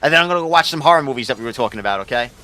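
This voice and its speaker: A man's voice: mid-range voice, animated, racing, bright, forceful tone. A young man, a game streamer rambling casually and profanely while he answers his chat.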